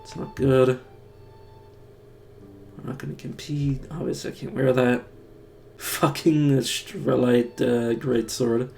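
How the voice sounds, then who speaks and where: Man, gravelly voice, casual game-stream commentary, thinking aloud, faint music and typing behind. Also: medium pitch, level tone, slow pace, long pauses, mellow. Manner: rambling, thinking aloud, self-mocking.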